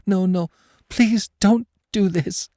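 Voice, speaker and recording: A man's voice: high-pitched, moderate pace, warm tone, dry recording, clean studio sound, pitched above the performer's own voice, lightly acted. A man voicing a terrified young woman who whimpers and pleads with her captor in an audiobook thriller. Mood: terrified pleading.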